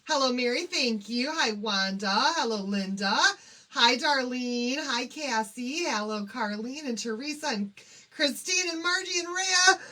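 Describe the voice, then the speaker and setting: A fairly high-voiced woman hosts a casual craft livestream. She is bubbly and chatty, greeting her viewers one by one as she gets her supplies ready. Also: lively intonation, unhurried, pushed and bright.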